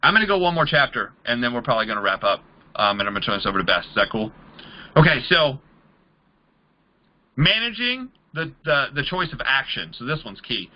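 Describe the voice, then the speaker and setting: A man's voice: medium pitch, sing-song, fairly quick, dull audio. A man leading a motivational sales training, talking in an emphatic, repetitive coaching manner. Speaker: MLM trainer.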